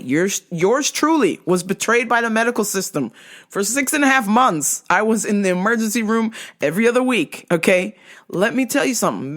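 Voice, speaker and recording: A woman hosting her own show and telling a story in a casual monologue. She is blunt and swears freely, and her voice swings a lot in pitch as she talks. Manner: profane, blunt and animated. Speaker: podcast host.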